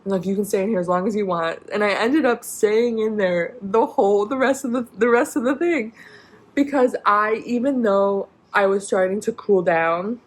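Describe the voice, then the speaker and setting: A woman's voice: medium pitch, moderate pace. Young woman vlogger, chatty rambling storyteller. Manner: rambling, many "like" fillers and restarts. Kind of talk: casual storytime.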